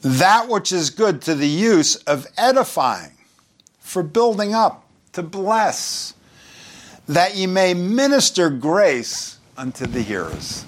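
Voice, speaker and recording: A pastor from New York with a New York accent, preaching in a conversational way with joking asides and scripture read aloud. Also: male voice, sits high, sing-song, takes it slowly. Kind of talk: sermon.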